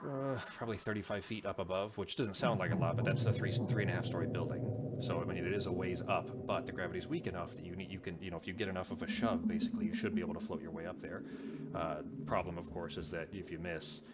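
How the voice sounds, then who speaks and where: A man's voice: sits low, steady tone, fast talker, very noisy. A man narrating a tabletop game as game master, rambling and restarting often, with music behind.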